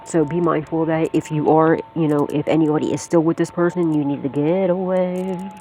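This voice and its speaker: A woman's voice: deep voice, fairly even intonation, brisk, warm tone, faint music behind. Blunt, swearing woman tarot reader. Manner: blunt, swears freely, laughs often, repeats herself. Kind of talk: casual tarot reading to camera.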